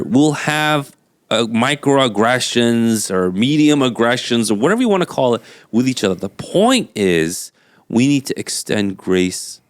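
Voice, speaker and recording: A man's voice: fairly low pitch, no echo, clean studio sound. An American-born man co-hosting a podcast, talking in an emphatic, conversational way and telling stories to make his point. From United States. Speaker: podcast co-host. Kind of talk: casual opinionated discussion.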